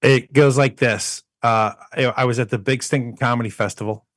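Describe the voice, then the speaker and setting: Man telling animated stories on a podcast. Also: mid-range voice, normal speed, dry recording, studio quality. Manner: animated anecdote teller who mimics people. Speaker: podcast co-host. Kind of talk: casual chat, storytelling.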